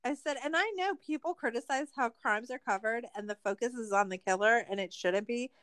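A woman's voice: a little high, a little fast, fairly bright tone, no room sound. A woman co-hosting a casual podcast, ranting with heavy profanity and sarcasm. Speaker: podcast co-host.

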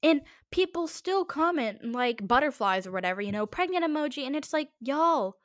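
A woman's voice: high voice, expressive, normal speed, fairly bright tone, no echo, studio quality. Rambling, jokey young-sounding woman podcaster. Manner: chatty, rambling and jokey, with frequent fillers. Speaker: podcast host. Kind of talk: casual rambling podcast monologue.

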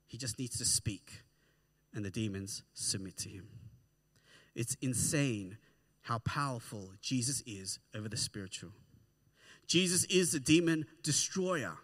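Animated man preaching with a lively voice. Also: on the high side. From Australia. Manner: animated, keeps asking "right?". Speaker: pastor. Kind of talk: sermon.

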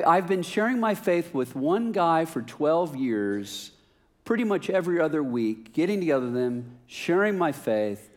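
A middle-aged man preaching a sermon, telling a personal story with self-mocking humor and acting out the dialogue. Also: on the high side. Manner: animated, self-mocking, acts out dialogue with rising laughter.

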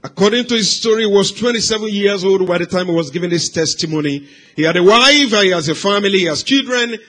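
A man preaching, telling a life story as a sermon, swinging from hushed, slow passages to loud, raised cries. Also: sits high. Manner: dramatic swings from hushed to shouted.

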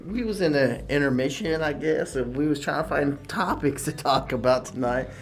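A man's voice: a little high, moderate pace. An American man hosting a podcast, tipsy and swearing freely through casual, joking banter. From United States. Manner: crude, loose and joking, swears a lot. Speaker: podcast host.

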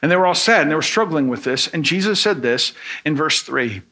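A man's voice: on the high side, lively intonation, a little fast, pushed and bright. A man preaching a sermon in an earnest tone. He explains with everyday examples and asks rhetorical questions. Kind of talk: sermon teaching.

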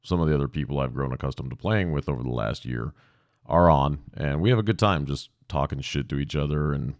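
A man's voice: rumbling low, brisk, dry recording, clean studio sound. A young man hosting a podcast, rambling casually and self-deprecatingly with lots of swearing. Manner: profane, self-deprecating, digressive. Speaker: podcast host. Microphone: podcast microphone.

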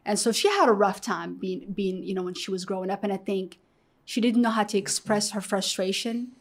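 A middle-aged woman from Morocco recounts her life story as an interview guest. She talks animatedly, slipping into the voices of the people she quotes and leaning on "you know" as she goes. Her pitch sits in a middle range for a woman. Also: brisk. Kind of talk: candid personal storytelling.

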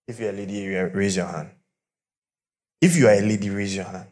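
Animated preacher man. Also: fairly low pitch, moderate pace. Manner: animated, storytelling preaching with pidgin asides. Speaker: pastor. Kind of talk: sermon. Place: church with live and online congregation.

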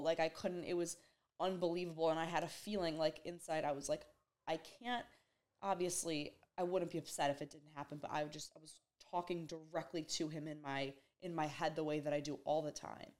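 A woman's voice: deep voice, fairly even intonation, a little fast, darkish tone. A young woman vlogging, telling a personal story in a rambling, emotional way, full of "like". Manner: rambling and emotional, heavy use of "like". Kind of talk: casual storytelling to camera.

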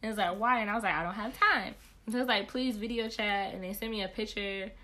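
A woman's voice: medium pitch, fast talker, pushed and bright. A young woman co-hosting a podcast, telling a story in casual chat with many fillers and acted-out dialogue. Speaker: podcast co-host.

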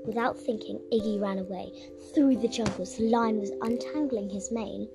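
A woman narrating a children's audiobook in a playful, expressive way. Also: medium pitch, moderate pace. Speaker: storyteller. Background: music.

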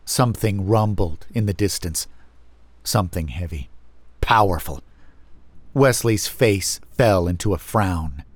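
A man narrating a first-person horror story in a slow, measured, brooding way. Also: low voice, animated, no room sound.

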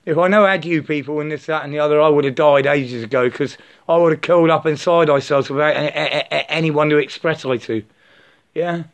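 A man rambling in a spiritual monologue, stammering and repeating words, sometimes breaking into slow chanted nonsense syllables. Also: on the high side, steady tone. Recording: slightly dull lo-fi recording.

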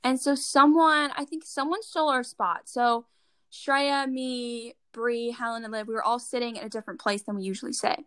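Teen girl, chatty storyteller, bright and close-miked. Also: a little high, moderate pace, smooth, dry recording. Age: teens. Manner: chatty, fillers like "like", animated retelling. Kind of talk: casual chat.

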